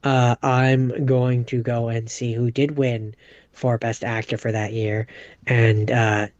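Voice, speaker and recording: Male podcast co-host, relaxed fact-reading chat, dry muffled sound. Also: medium pitch, takes it slowly, no echo. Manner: relaxed, reads out facts with fillers. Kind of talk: casual chat.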